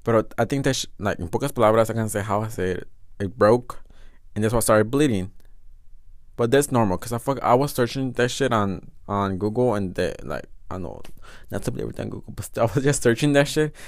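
A man's voice: mid-range voice, no room sound, studio quality. A young man telling a story on his podcast, rambling and swearing a lot, slipping into phrases. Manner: profane, rambling, switches into Spanish phrases. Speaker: podcast host. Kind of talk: casual storytelling monologue.

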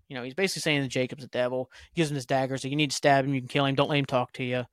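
A man's voice: medium pitch, level tone, rapid-fire, few pauses, dry recording, clean studio sound. A young man hosting a podcast, casually recapping a TV episode with rambling, offhand asides. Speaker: podcast host.

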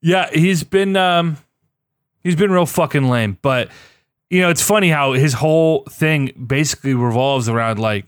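A man's voice: on the high side, normal speed, smooth, no echo, clean studio sound. A man in a casual chat, ranting with heavy swearing and exasperation.

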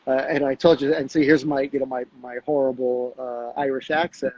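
A man hosting a casual conversation who tells anecdotes in an animated, storytelling manner. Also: mid-range voice, a little fast, no room sound, lo-fi sound.

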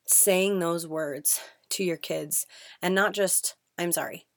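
Hoarse, earnest mom podcaster. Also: female voice, on the low side, fairly even intonation, slow pace, no room sound, studio quality. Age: young adult to middle-aged, a mother of kids. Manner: earnest, emphatic, repeats words for stress. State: hoarse, voice not fully back. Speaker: podcast host. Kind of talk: casual solo podcast talk.

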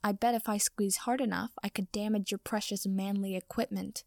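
A woman's voice: mid-range voice, steady tone, moderate pace, creaky, a little mellow, no room sound, studio quality, lightly acted. A woman reading the lines of an earnest young male wizard in an audiobook story, with an accusing manner.

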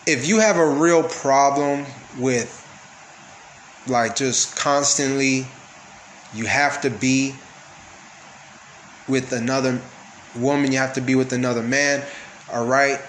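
Reading verses aloud and explaining them slowly, with frequent pauses, a man leads an informal Bible study and keeps checking in with those listening. His medium-pitched voice is a bit bright with fairly even intonation. The room echoes and has faint background noise.

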